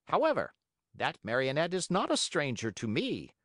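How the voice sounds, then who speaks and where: A man voicing a stern talking cricket in a storybook reading, lecturing slowly and disapprovingly. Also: on the high side, wildly swooping pitch, fairly bright tone, no echo, clean studio sound, full character voice. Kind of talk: audiobook character voice.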